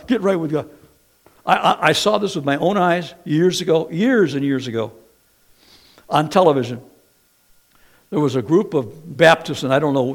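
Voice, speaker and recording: A man preaching a sermon, talking conversationally and telling personal stories, swinging between loud exhortation and soft, low asides. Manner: conversational, personal storytelling with fillers. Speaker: pastor.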